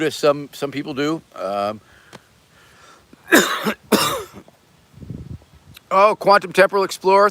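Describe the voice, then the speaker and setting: An older man hosting a casual livestream, reading viewer messages with deadpan absurd jokes and bursts of loud begging for donations. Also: medium pitch. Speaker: livestream host reading super chats.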